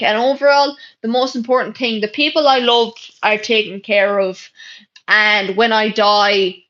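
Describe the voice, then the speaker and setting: A woman's voice: fairly high pitch, fairly bright tone. A young Irish woman chatting casually on a livestream, reading out comments and answering bluntly with plenty of swearing and sarcasm. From Ireland. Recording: dull lo-fi stream audio.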